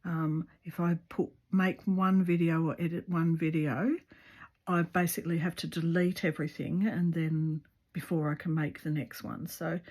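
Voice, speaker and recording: A chatty woman, talking casually while she sews at home. Her voice sits a little low and has a husky edge, and she rambles along with plenty of ums and restarts. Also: a little mellow. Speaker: craft video maker. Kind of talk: casual chat while stitching.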